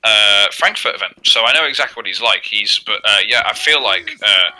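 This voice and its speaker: A man's voice: lowish voice, expressive, fairly quick, pushed and bright, low-quality recording. A man giving casual color commentary, hedging and hesitant in his opinions.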